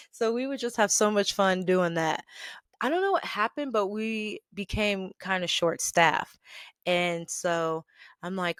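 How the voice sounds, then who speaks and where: A woman podcast host casually telling stories about an old retail job, chatty and animated, often laughing. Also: lowish voice, normal speed, clear, resonant tone, no room sound, clean studio sound. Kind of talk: casual storytelling rant.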